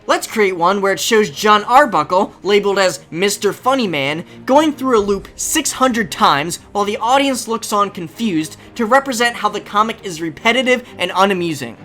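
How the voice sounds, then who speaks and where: A woman hosting a reaction commentary video, animated and sarcastic with sudden exclamations. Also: medium pitch, normal speed, few pauses. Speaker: host.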